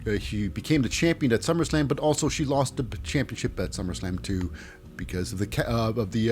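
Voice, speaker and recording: A man's voice: mid-range voice, lively intonation, a little fast, a little mellow, soft background music. Rambling wrestling recap guy. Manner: jokey, rambling, lots of fillers. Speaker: wrestling show reviewer. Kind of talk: casual recap commentary.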